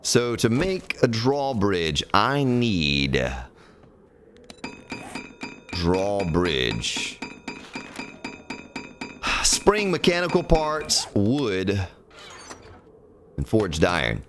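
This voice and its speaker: A man's voice: low voice, very animated, extremely slow, pauses often, soft background music. A man chatting casually and ramblingly while streaming a building game. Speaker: gaming streamer. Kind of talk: casual let's-play commentary.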